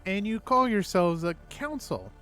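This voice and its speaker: A man's voice: sits high, big pitch swings, unhurried, a bit bright, soft background music, pitched above the performer's own voice, full character voice. A man voicing a prim, genteel middle-aged woman with a mannered, polite way of speaking.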